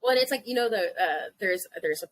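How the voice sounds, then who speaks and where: A woman's voice: medium pitch, expressive, fast, a bit bright, a little hiss or hum, poor audio. A woman in her thirties hosting a casual podcast chat, bubbly and giggly, swearing playfully. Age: 30s. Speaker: podcast host.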